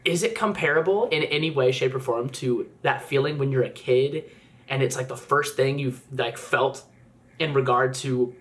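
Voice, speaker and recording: With music faintly audible in the background, a man gushes over a music video in a relaxed, chatty way at normal speed. He fills his talk with fillers, and excitement occasionally pushes his voice higher.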